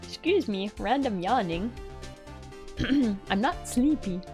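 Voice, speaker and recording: A young woman streamer chatting slowly and giggling as she thinks aloud over a game. Her voice sits a bit high, with faint game music behind. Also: expressive, darkish tone. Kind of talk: casual let's-play commentary.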